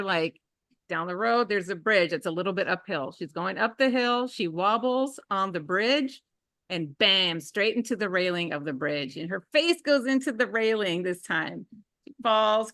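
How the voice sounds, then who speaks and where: A woman in her thirties or forties, a podcast co-host, chatting casually and telling a story with lively, acted-out dialogue. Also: moderate pace, dry recording, clean studio sound. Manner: animated storyteller, acts out dialogue in a higher voice.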